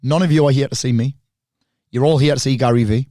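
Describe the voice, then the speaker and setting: A man's voice: medium pitch, fairly even intonation, mellow, no room sound. Brash man, straight-talking guest, close dry mic. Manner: blunt, fast-talking, heavy swearing. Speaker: podcast guest, speaker and coach. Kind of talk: candid conversation.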